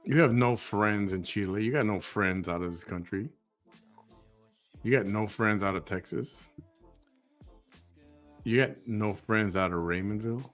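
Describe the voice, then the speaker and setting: A man's voice: lowish voice, measured pace, pauses often, fairly bright tone, soft background music. Teasing man in mock-announcer mode. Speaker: show host. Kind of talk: joking commentary.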